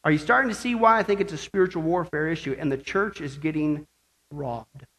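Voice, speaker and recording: A pastor preaching a sermon to his church, fervent, dropping to hushed asides and rising to shouted praise. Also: fairly high pitch, a little fast.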